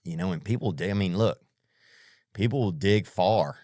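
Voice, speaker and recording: A man's voice: sits low, moderate pace, dark tone, dry recording, clean studio sound. Rambling, profane male podcast host. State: keyed up. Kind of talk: comedic podcast monologue.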